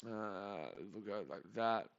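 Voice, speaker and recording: A man hosting a live reaction stream, calling pitches anxiously and pleading over and over, tired from an early start. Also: slow pace. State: tired, up early without coffee. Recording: dull lo-fi stream audio.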